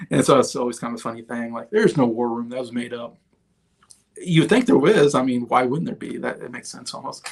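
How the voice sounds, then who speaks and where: A man in his thirties talks through favorite films on a livestream in a loose, chatty way. He pauses on fillers and restarts his sentences often. His mid-range voice has a gravelly edge. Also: mid-range voice. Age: 30s. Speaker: host. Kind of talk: casual movie review livestream.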